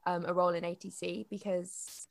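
A woman's voice: fairly low pitch, level tone, moderate pace, gravelly. A woman, interviewing casually and prompting with short replies. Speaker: interviewer, trainee pilot.

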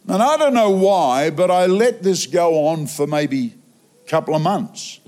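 Man, preacher, humorous sermon storytelling, slow deliberate pace, sudden loud bursts. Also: high-pitched, very animated. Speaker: traveling preacher. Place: church auditorium.

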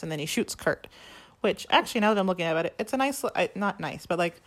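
Speaking at a moderate pace, this woman has a mid-range, expressive voice. As a podcast co-host casually going over a musical, she brings the story to life and acts out what the characters said.

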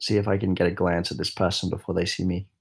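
A man playing a tabletop game, talking his way through his plans and often restarting. His voice sits a little low. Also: little pitch movement, fast, slightly rough. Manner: thinking aloud, hesitant, many restarts. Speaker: player. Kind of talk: casual tabletop game play.

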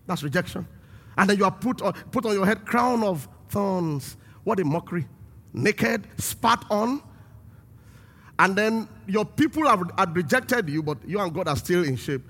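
A man preaching a sermon as pastor and host, emphatic and rising to shouts to stress his points. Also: high-pitched, lively intonation, normal speed, husky.

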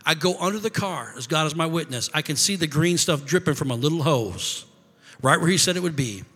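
A man casually telling a long personal story, halting often, restarting phrases and repeating words. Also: on the high side, expressive, a bit bright, slightly rough. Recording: long reverb.

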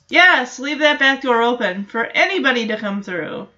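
A woman's voice: on the high side, lively intonation, normal speed, pushed and bright, muffled recording. A woman hosting a podcast, recapping a sitcom episode in casual, amused chat with jokey asides.

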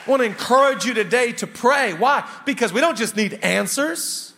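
High-voiced energetic preacher man. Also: a faint crowd, slight background noise. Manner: energetic preaching, quick asides, voices God in quotes. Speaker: pastor. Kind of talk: sermon. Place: church auditorium. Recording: long reverb of a large hall.

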